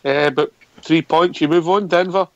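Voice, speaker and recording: A man hosting a live phone-in show, brisk and laughing along with callers. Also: a little high, dry recording, lo-fi sound. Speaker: radio phone-in host.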